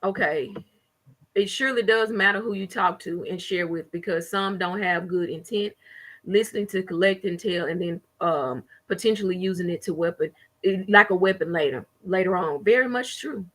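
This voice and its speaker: Brief: woman, 50s, bright ringing voice, lively encouraging co-host. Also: on the low side, moderate pace. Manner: lively, affirming, calls out encouragement. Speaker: podcast co-host. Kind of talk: casual faith talk show chat.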